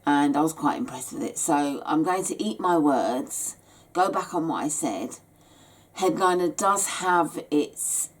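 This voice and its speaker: A tired woman giving a chatty, rambling sewing tutorial, yawning and hesitating as she explains her steps. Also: low-pitched. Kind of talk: casual step-by-step craft tutorial.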